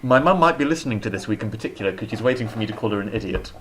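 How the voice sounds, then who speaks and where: A man's voice: lowish voice, lively intonation, rapid-fire, fairly bright tone, a little hiss or hum. A man co-hosting a casual chat show, opinionated and talkative, often restarting his sentences. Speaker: podcast co-host.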